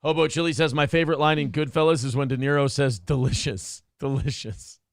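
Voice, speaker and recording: A man's voice: on the high side, steady tone, fast talker, smooth, no echo, clean studio sound. A man co-hosting a casual live show, reading viewer messages aloud and joking about movie quotes. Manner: joking, quotes movie lines in put-on voices. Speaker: co-host reading viewer super chats. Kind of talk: casual live-stream banter.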